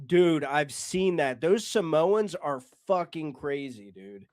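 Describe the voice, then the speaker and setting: A man's voice: a little high, animated, darkish tone. An American man co-hosting a podcast, joking around in crude, casual banter. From United States. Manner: joking, crude, drawn-out delivery. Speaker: podcast host.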